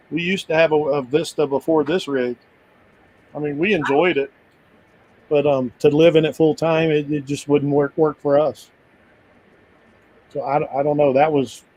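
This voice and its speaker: A man's voice: a little high, steady tone, normal speed, long pauses, darkish tone, poor audio. A man in a casual live chat, telling travel stories in a rambling, easygoing way with frequent restarts. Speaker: full-time RVer guest.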